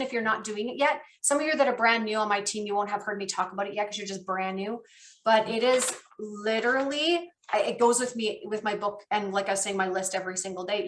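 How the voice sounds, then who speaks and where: A woman trainer on a team call, talking with an excited, animated storytelling manner. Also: medium pitch, a little hiss or hum. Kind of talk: enthusiastic coaching chat.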